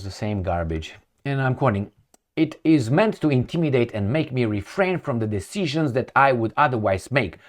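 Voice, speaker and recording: A man giving an angry, profane, mocking political rant with many fillers. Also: a little high. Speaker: commentary vlogger. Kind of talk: ranting political commentary.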